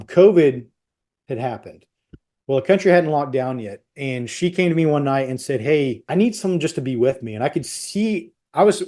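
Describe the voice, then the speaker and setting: A man's voice: mid-range voice, darkish tone. A middle-aged man, a podcast guest, telling a personal story in an intense, tumbling way and acting out the dialogue.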